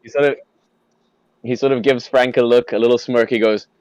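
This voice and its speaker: A man narrating a tabletop game as game master and voicing its characters in a gruff way. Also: mid-range voice, steady tone, fairly quick, long pauses, darkish tone, no room sound, dull audio.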